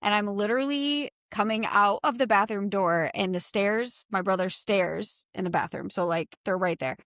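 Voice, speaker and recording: A young woman co-hosts a podcast for real estate agents, talking in an animated, casual and profane way. Her voice sits at an ordinary middle pitch and is recorded very dry, with no room around it. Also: normal speed, dry recording.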